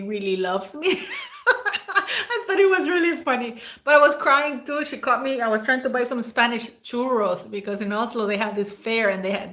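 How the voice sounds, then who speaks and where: This livestream host speaks in a mid-range, somewhat bright voice. Rambling and emotional, she calls out viewers by name to thank them, sometimes nearly breaking into tears.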